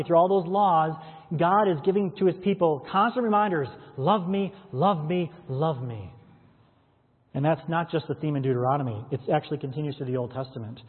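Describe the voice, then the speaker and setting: A man's voice: fairly high pitch, slightly rough. Preaching man in an echoey hall. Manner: expository preaching, quoting and explaining scripture with rhetorical questions. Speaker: pastor. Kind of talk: sermon. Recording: echoey hall, tinny phone-like sound.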